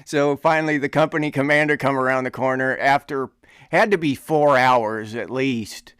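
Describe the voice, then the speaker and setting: A middle-aged man hosting a podcast, telling an army story in a casual, animated way, often laughing and acting out shouted quotes. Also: medium pitch, moderate pace, clean tone, no echo, clean studio sound. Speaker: podcast host.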